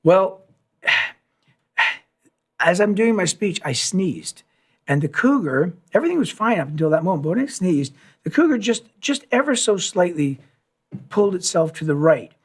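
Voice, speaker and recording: A man's voice: high voice, normal speed, long pauses. A man telling a long anecdote at a live session, acting out quoted lines and sound effects as he goes. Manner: animated storyteller, acts out quotes and sounds. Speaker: musician telling a story.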